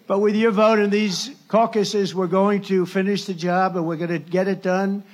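A man's voice: high voice, flat delivery, normal speed. A male candidate giving a campaign rally speech, rambling and sarcastic, often breaking off mid-sentence to restart. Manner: rambling, sarcastic, with self-interruptions. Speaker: presidential candidate.

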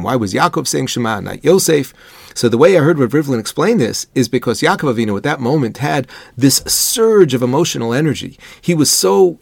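A man's voice: medium pitch, gravelly, no echo. A man giving an earnest, thoughtful Torah lecture, explaining ideas with Hebrew and Yiddish terms. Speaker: rabbi giving a Torah lesson.

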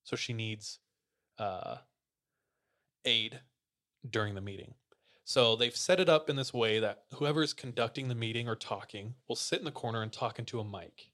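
A man at a mid-range pitch hosts a podcast and retells a listener's story to his friends. He keeps it casual and slangy, unhurried, like chatting around a table. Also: a bit bright. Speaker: podcast host.

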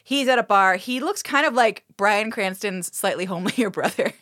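A woman's voice: mid-range voice, normal speed, a bit bright. A woman co-hosting a podcast, recapping a TV episode in casual chat; she giggles often, talks animatedly and swears freely. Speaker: podcast co-host.

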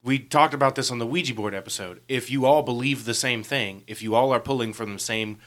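A man co-hosting a podcast, skeptical and animated, chatting casually with swearing and laughter. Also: mid-range voice, a little fast. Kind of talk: casual chat.

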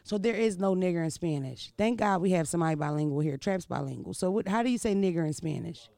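A fast-talking woman vlogger in her thirties has a fairly low, dark voice with vocal fry and lively intonation, recorded with no room sound. Her casual stories come out blunt and profane, peppered with "you know what I mean."

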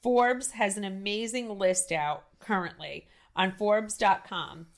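A woman with a New Jersey accent hosting a podcast, talking loudly and effusively, with emphatic stresses and frequent restarts. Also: mid-range voice, slow pace. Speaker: podcast host. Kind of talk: casual podcast chat.

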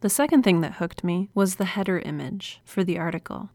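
A woman's voice: lowish voice, expressive, a little fast, darkish tone, no room sound, clean studio sound. Earnest woman hosting a podcast. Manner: earnest, confessional and encouraging. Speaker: podcast host. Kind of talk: solo podcast monologue. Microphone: close studio mic.

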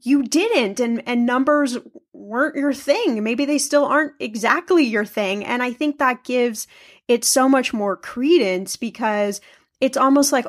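A woman's voice: on the high side, animated, moderate pace. A woman hosting a podcast interview, talking to her guest in an encouraging, conversational way. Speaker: podcast host.

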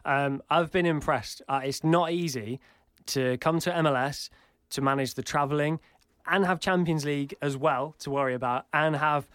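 A British man co-hosting a football podcast, chatting casually with animated, jokey energy. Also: fairly high pitch, normal speed, clear, resonant tone, no room sound, studio quality. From United Kingdom. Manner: animated, jokey, sings chants. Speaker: podcast co-host. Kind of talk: casual sports chat.

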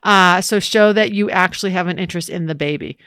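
A woman's voice: on the low side, a little fast, a bit bright, clear, resonant tone, dry recording, clean studio sound. A woman co-hosting an advice podcast, chatting casually with lots of laughter and fillers. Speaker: podcast co-host.

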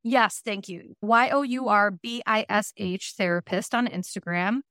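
A woman's voice: medium pitch, a little slow, a bit bright, dry recording, clean studio sound. A woman guest therapist on a podcast, speaking in an earnest, emphatic and reassuring way. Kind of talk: podcast conversation.

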